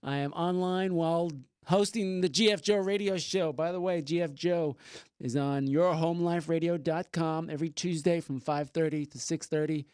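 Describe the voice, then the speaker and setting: A chatty man hosting a call-in radio show, his voice sitting a little higher than most. He talks loosely and jokes with his guest. The sound is dry and close, with no room to speak of. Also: steady tone, moderate pace, darkish tone, clear, resonant tone, no echo. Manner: chatty, jokey, reads out call-in number. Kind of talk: casual radio talk.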